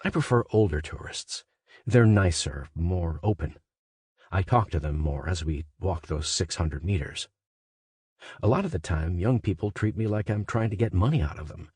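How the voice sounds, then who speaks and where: A man reading a literary story aloud as a first-person monologue. He speaks in a measured, conversational way and then rises into sudden emphatic questions. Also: deep voice, a little mellow, husky, no room sound, studio quality. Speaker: audiobook narrator. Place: studio booth. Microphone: close studio mic.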